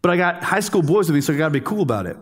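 A man in his thirties preaching a sermon, telling a camping story with humor and slow pauses for emphasis. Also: a little high, very animated, slightly rough, in a large hall. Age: 30s. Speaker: pastor.

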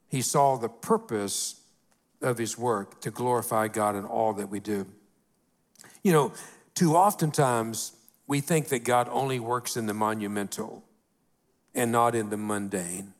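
Folksy pastor preaching a sermon. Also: male voice, medium pitch. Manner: folksy, peppered with "you know", slows down to stress key phrases. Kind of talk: conversational sermon.

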